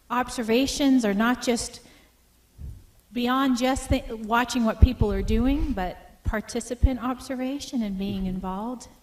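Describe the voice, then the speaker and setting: A woman speaking casually on a conference panel, telling stories and using fillers. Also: mid-range voice. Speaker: fellow panelist. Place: conference room.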